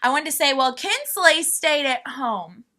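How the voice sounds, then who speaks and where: A woman's voice: high-pitched, a little slow. A middle-aged woman hosting a casual family chat, telling stories animatedly and acting out the quotes. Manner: animated storyteller, acts out quotes loudly. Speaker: podcast host and mother.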